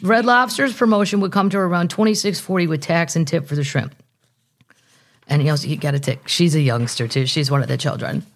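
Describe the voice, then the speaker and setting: Sitting low in pitch and moving a little fast, a woman runs a podcast full of casual, comedic conversation. She reads out news items and adds playful asides.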